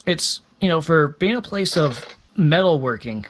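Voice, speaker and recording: A man's voice: fairly high pitch, animated, normal speed, a little hiss or hum. A man narrating a tabletop game as dungeon master, hesitant and full of fillers and restarts.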